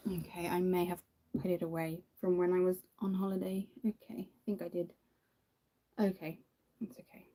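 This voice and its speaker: A woman's voice: fairly low pitch, flat delivery, normal speed, dark tone. A woman from Ireland with an Irish accent, chatting casually to viewers while doing her makeup on a livestream. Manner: chatty, answers viewer comments, many fillers.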